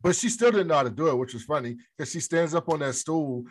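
A man's voice: a little high, expressive, fast talker, dry recording. A young adult man with an African American English accent, co-hosting a casual show recap in a laid-back, rambling way. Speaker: podcast co-host.

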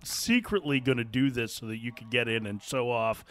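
A man's voice: medium pitch, lively intonation, normal speed, fairly bright tone. A man joining a sports talk show as a guest, teasing the host in a wry way. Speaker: radio guest.

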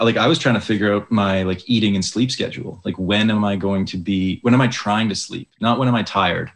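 A young man, an Olympic ski jumper, talking casually as an interview guest, hesitant with many likes and restarts. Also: on the low side.

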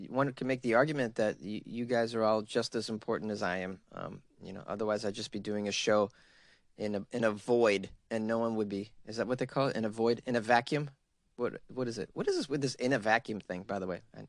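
A man's voice: on the low side, gravelly, no echo, studio quality. Rambling, jokey podcast host man. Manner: rambling, jokey, lots of fillers. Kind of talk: casual chat.

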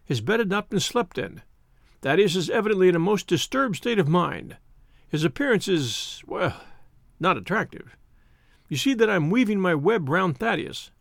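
A man puts on a stout, pompous police inspector who blusters with smug self-satisfaction. The voice is muffled, husky and wheezing, with a gravelly edge and lively swoops of pitch, recorded dry and close. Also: normal speed, no room sound, heavily acted. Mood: self-satisfied.

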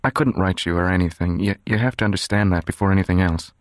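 An actor playing a guarded, controlled young man who talks in a quiet, measured, detached way. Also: low-pitched, no room sound, clean studio sound, natural voice. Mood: calm, guarded. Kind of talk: dramatized audiobook reading.

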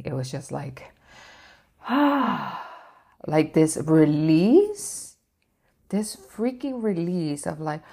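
A woman's voice: sits low, darkish tone. A woman vlogger telling a personal story in an emotional, rambling way, with lots of fillers and the odd swear.

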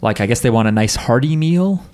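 A man chats casually on a podcast, walking his friends through an anime episode. He swears freely and guides the discussion. His voice sits at an ordinary middle pitch. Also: expressive, a little fast, darkish tone. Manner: profane, explanatory, leads the discussion. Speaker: podcast co-host. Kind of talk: casual anime recap chat.

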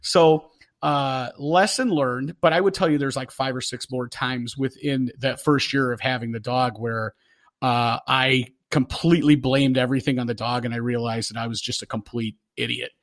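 A man in his forties telling a casual story about police dog work, acting out the quotes loudly. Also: mid-range voice, steady tone, normal speed. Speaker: podcast host, former police K9 handler.

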